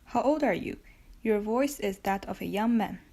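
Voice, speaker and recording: A woman reading the part of an unseen older male prisoner, speaking in a measured, cautious way. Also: medium pitch, dark tone, natural voice. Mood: guarded.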